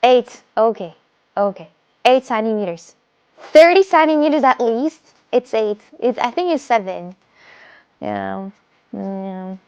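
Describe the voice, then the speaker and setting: A woman's voice: on the high side, animated, unhurried, a little mellow, clean tone, dull audio. A woman with a Russian accent chatting casually on a live stream from home, rambling and often stumbling over and repeating her words.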